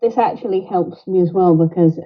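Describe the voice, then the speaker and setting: A woman with a Greater Manchester accent chats on a livestream call, quick to laugh. Her voice sits a little low, and the call audio is dull and lo-fi. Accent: Northern English, Greater Manchester. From England. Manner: chatty, laughs easily. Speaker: caller. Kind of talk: casual chat. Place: garden outdoors in rain.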